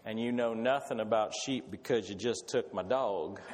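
A man voicing an old, steady sheep herder who talks slowly and says little. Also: lowish voice, natural voice. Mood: dry, knowing. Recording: echoey hall, faint background noise.

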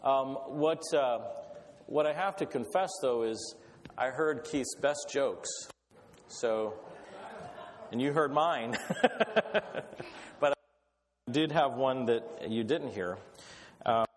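A man's voice: medium pitch, takes it slowly, long pauses. A man opening with a prayer and telling stories in an earnest, rambling way, stopping and starting often. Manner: earnest, rambling, with hesitant restarts. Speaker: guest speaker. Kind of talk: sermon with prayer and anecdotes. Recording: echoey hall, faint background noise.

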